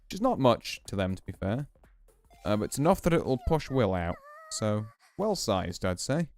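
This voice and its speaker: A man's voice: fairly low pitch, very animated, normal speed, a little mellow, faint music behind. A man streaming a poker game, casually musing and explaining his hands as he plays. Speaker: VTuber streamer. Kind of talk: casual poker play commentary.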